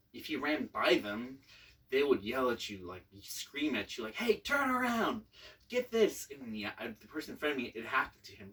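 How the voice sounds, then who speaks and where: A man's voice: mid-range voice, a bit bright, recorded from a distance, low-quality recording. A man hosting his channel, telling a casual story about his service with many fillers and restarts. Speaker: channel host, Navy veteran.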